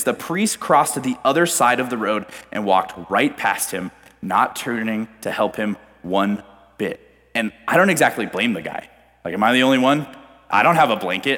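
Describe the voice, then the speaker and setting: A young man preaching in a casual, animated storytelling style, self-deprecating and full of fillers. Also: medium pitch. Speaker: pastor. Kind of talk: storytelling sermon. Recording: long hall reverb.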